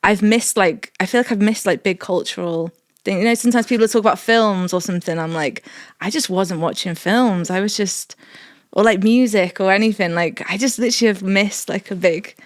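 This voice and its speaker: A woman's voice: mid-range voice, fairly quick, no echo. Rambling woman comedian, dry close sound. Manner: chatty, rambling with many fillers. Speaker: comedian guest. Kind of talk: casual chat.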